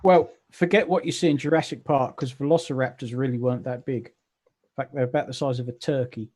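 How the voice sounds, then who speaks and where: A man's voice: medium pitch, fairly even intonation, brisk, darkish tone, breathy edge. A British man co-hosting a casual live-stream chat, joking and chatty. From Britain. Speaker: co-host.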